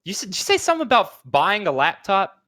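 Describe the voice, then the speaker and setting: A man's voice: sits high, very animated, quick pace, pushed and bright. Laughing man telling rambling stories. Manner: rambling anecdotes, laughs often, swears. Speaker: podcast co-host. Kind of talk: casual storytelling chat.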